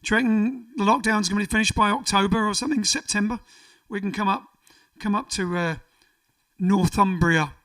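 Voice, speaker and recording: A man's voice: high-pitched, quick pace, sharp tone, recorded from a distance. A man hosting a casual livestream, reading out viewer comments in a jokey, rambling way. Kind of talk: casual chat. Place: home during lockdown.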